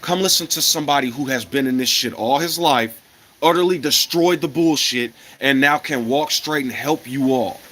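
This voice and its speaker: An American man angrily addresses his viewers in a blunt, profane, combative monologue, repeating rhetorical questions and coughing occasionally. His mid-range voice is a bit bright and moves at normal speed, with slight background noise.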